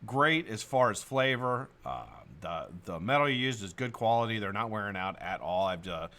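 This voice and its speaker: Animated, bright-voiced American man host. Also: lowish voice, normal speed. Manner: animated, greets viewers by name, swears and laughs often. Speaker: live-stream host. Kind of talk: casual live-stream chat.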